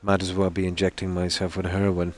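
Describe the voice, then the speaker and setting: A man's voice: deep voice, monotone. A man giving casual, rambling live-stream commentary while playing a game, talking easygoing from a room at home at night. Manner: rambling and easygoing, with many "you know"s and pauses.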